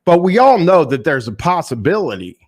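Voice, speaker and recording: A man's voice: fairly high pitch, big pitch swings, fairly quick. A man co-hosting a casual stream, rambling and self-mocking as he flubs his words. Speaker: co-host.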